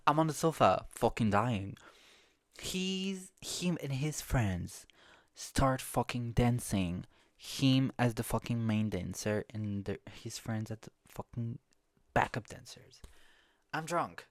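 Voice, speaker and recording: A man of middle pitch tells a story in a loose, profane way. He often laughs at himself, and he talks into a phone. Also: animated, takes it slowly. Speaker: podcast host. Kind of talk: casual storytelling.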